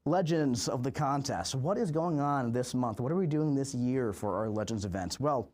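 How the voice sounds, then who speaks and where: A man hosting a live game stream, upbeat and hyping things up with drawn-out emphasis. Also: medium pitch, a little mellow. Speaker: stream host.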